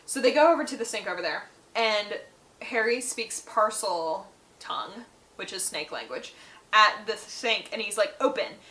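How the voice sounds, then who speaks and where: A woman's voice: mid-range voice, expressive, unhurried, sharp tone, rough recording. A woman host chatting through a casual, rambling book recap with lots of fillers.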